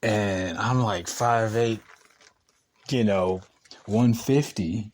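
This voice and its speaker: Brief: young man, low-ish voice, slangy podcast storyteller, laughs a lot, rambles. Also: drawn-out words. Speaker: podcast co-host. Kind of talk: casual storytelling chat.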